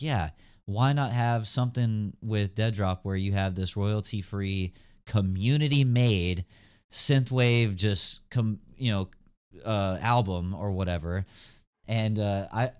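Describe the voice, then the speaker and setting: Young male podcast host; low, smooth voice, loose rambling delivery full of fillers. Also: unhurried, darkish tone. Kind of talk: casual chat.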